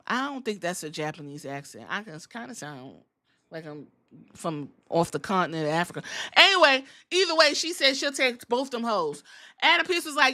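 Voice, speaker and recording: A woman hosting a podcast, recapping a wrestling show in animated, profane, storytelling chat. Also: medium pitch, normal speed. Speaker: podcast host.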